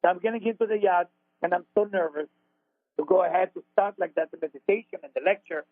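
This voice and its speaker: A high-voiced man with an Israeli accent speaks earnestly, often repeating his words as he tells his story. His voice comes over a narrow, phone-like band with a dry, close sound. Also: fast talker, dry recording. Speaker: radio show host, spiritual teacher. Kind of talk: conversational storytelling on talk radio. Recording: dry phone-like radio audio.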